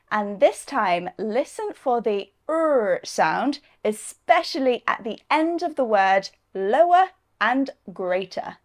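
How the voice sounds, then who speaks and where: A woman with a Northern English accent teaching English pronunciation. She speaks slowly and deliberately, with a fairly high voice. She models each sound with care. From north of England. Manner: slow, careful, modelling sounds clearly. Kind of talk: scripted lesson dialogue.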